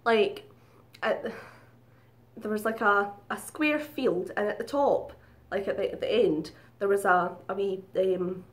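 A woman's voice: mid-range voice, fairly even intonation, a little slow. Chatty woman, swearing freely. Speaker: vlogger. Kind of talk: casual storytelling.

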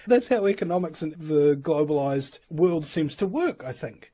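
A man's voice: a little high, lively intonation, normal speed, few pauses, dark tone, breathy edge. A male host in casual interview chat, joking and explaining things in plain terms.

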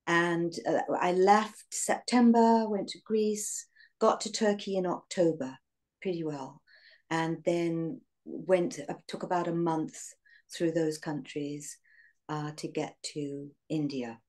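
An English woman in her sixties recalls her past in an interview. Her voice sits very low, and she speaks reflectively, pausing on fillers and breaking into soft laughs. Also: steady tone. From England. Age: 60s. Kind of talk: reminiscing in an interview.

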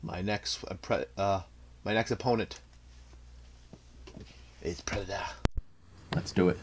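A young man with a fairly low voice narrates his own fighting-game match out loud, jumping between muttered asides and bursts of trash talk. He laughs at his own jokes, and keyboard typing can be heard behind him. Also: normal speed, pauses often, slight background noise. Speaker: gameplay commentator. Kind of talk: live gameplay commentary.

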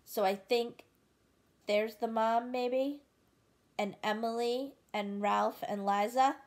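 A woman reading a picture book aloud, gently pausing to ask the listener questions about the story. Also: fairly high pitch, fairly even intonation. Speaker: storybook reader.

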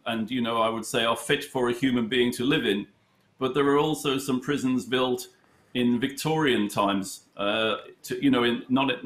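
A man being interviewed about his chess charity, telling anecdotes in a halting way with many fillers and a dry humour. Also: mid-range voice, a bit bright. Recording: roomy echo.

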